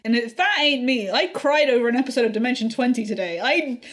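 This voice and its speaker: A woman's voice: a little high, fast, fairly bright tone. A woman co-hosting a podcast in casual chat, enthusiastic and often laughing. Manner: enthusiastic, laughing, swearing freely. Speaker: podcast co-host.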